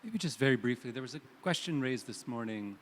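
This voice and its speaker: A man's voice: medium pitch, expressive, brisk. A man with a mid-range voice lays out his argument on a conference panel step by step. His voice rings in a long hall reverb over faint room noise. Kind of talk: panel discussion.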